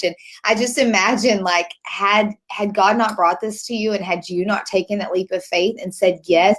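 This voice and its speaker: A woman hosting a mothers' webinar over a video call, speaking in an effusive, gushing way. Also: medium pitch. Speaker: host of a webinar for moms. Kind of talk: casual livestream hosting.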